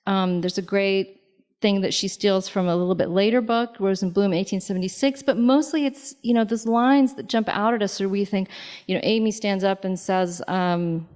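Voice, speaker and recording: A woman author giving a public talk in a library lobby, speaking conversationally with many fillers and lively asides. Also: mid-range voice, normal speed. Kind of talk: public lecture.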